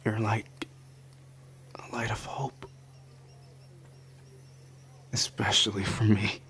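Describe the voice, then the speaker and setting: A man voicing a shy, anxious young man in a whispered role-play, speaking softly and hesitantly. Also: lowish voice, flat delivery, slow, a little hiss or hum. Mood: tender, insecure. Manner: soft, hesitant, flustered stammering. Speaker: ASMR roleplayer.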